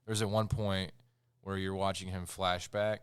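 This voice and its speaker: A man with a very low, smooth, resonant voice reviews a film on a podcast, rambling and sarcastic as he acts out scenes. The sound is dry and close. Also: flat delivery, moderate pace, no echo. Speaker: podcast co-host. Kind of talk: casual movie review chat.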